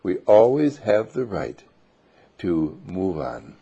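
A man with a dark, mellow voice delivers an inspirational spiritual talk. His delivery is lively, with a husky rasp and a gravelly fry, and he acts out the voices he quotes. The recording sounds dull and lo-fi. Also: deep voice, slow pace. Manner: laughs between phrases.

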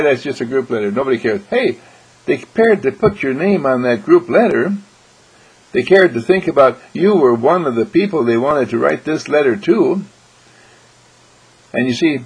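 A man's voice: medium pitch, vocal fry, breathy edge, rough recording. A man hosting an inspirational program, speaking in an earnest, preacherly way and acting out everyday exchanges to make his points. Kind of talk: inspirational radio talk.

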